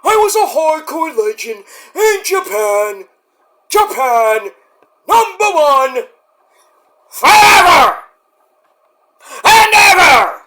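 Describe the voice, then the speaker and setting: A man doing an impression of an aging male wrestler who yells a boastful catchphrase in a drawn-out, shouting voice. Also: extremely high pitch, big pitch swings, pitched above the performer's own voice, full character voice. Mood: bellowing.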